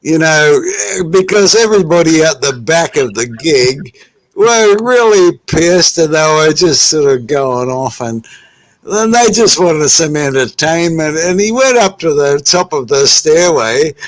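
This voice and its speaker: High-pitched male podcast co-host, slow, rambling, swears freely. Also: lively intonation, no echo, rough recording. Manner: rambling, profane, acts out quotes. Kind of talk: casual chat, telling a story.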